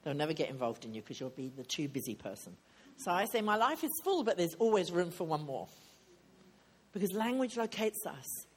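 A woman's voice: fairly low pitch, sing-song, fairly quick, slightly rough. A woman preaching at a women's retreat, speaking earnestly and conversationally, and repeating key lines for emphasis. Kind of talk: sermon.

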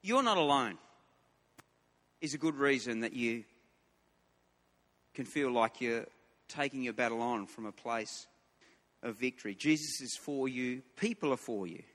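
A man's voice: mid-range voice, expressive, a little slow, long pauses, fairly bright tone, in a large hall. A man preaching a sermon in an earnest way, often repeating words as he starts a new thought.

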